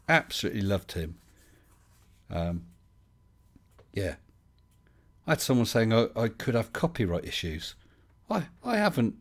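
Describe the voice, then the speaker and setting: Man, forties, rambling live stream host, lowish voice, lots of ums. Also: slightly rough. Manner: rambling and chatty, with many fillers and restarts. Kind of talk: casual live chat reading viewer comments.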